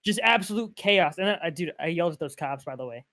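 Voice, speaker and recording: A man co-hosting a casual podcast, telling stories in an excited, animated way. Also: fairly high pitch, quick pace. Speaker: podcast co-host. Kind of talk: casual chat.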